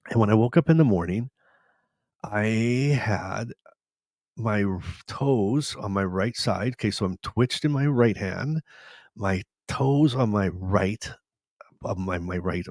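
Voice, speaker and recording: A man in his forties from Canada, hosting a live stream and candidly retelling his own story in a rambling, animated way. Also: lowish voice, no room sound, studio quality. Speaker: host.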